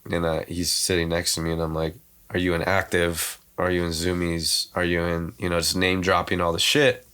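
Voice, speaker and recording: Man, very low voice, podcast guest, slangy casual storytelling, acts out quoted dialogue. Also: monotone, a bit bright, clear, resonant tone. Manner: slangy, quotes others' words in quick reenactments; loose, full of filler "like" and "you know".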